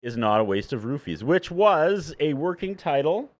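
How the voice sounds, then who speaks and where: A man's voice: on the high side, very animated, moderate pace. A man who is an author and a regular on a podcast, joking dryly and self-deprecatingly in casual chat.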